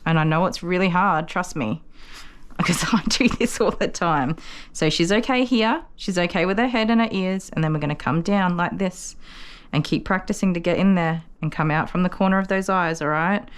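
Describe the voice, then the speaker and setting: A woman working as a dog groomer, chatting to viewers and explaining each step as she works, with soft cooing asides to a puppy. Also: on the low side, normal speed, clean tone. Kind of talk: casual vlog narration while working.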